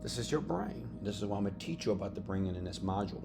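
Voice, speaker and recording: Over background music, this man talks fast in a fairly low voice with vocal fry and lively intonation. He's a motivational course teacher pressing home a self-help lesson, constantly tacking on "right?" and "okay?"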